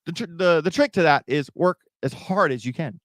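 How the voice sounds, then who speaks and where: This crypto YouTube host is fairly quick and expressive, his fairly high voice carrying a slightly bright tone. Addressing viewers on a livestream, he rambles casually, frequently starting over and saying things twice. The sound is dry and clean, as from a studio.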